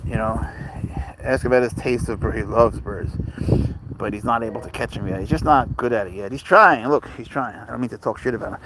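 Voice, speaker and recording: An easygoing man on a phone livestream outdoors, talking in a loose, rambling way as he answers viewers. His voice sits at an ordinary middle pitch. Faint outdoor ambience hums behind him. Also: fairly quick, background noise. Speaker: livestream host walking his cat. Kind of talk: casual livestream chat. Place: outdoors in a park.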